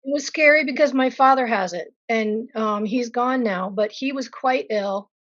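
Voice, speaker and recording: A woman with a somewhat high voice recounts her experience as a patient in a candid interview, frank and vivid, with wry self-deprecating asides. The sound is dry and a little dull, like a lo-fi recording. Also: moderate pace, fairly bright tone, no echo. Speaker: patient sharing her story.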